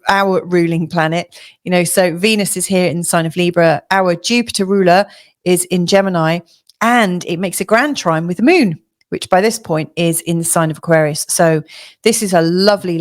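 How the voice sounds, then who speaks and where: A woman astrologer giving a casual weekly forecast, chatty and hesitant, with a slightly hoarse voice. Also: fairly low pitch. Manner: chatty, hesitant with many fillers and restarts. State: slightly hoarse, losing her voice.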